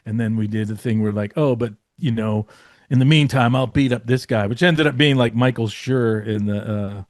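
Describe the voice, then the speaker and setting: A guest writer tells a casual, rambling backstage story, packed with "like," "you know," restarts and the occasional swear word. His voice is mid-pitched and moves at a normal speed. The recording is dry and close-miked, with no room sound at all.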